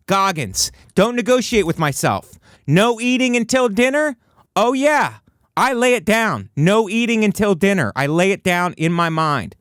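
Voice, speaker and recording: A male American comedian and podcast host delivers a solo comedic monologue in a dry-sounding podcast studio. His mock-motivational rant swings between high, excited bursts and low, flat asides.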